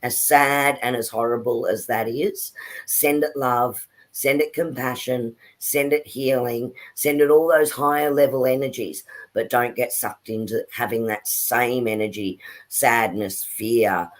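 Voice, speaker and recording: A woman's voice: very deep voice, steady tone, a little slow. An earnest woman talks through a live spiritual stream in an easy, casual way. She encourages her listeners and answers viewer comments as they come in.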